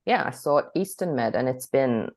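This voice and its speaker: Low-voiced woman chatting candidly. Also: expressive, moderate pace, darkish tone. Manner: candid, rambling, laughs often. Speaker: podcast co-host. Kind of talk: casual chat.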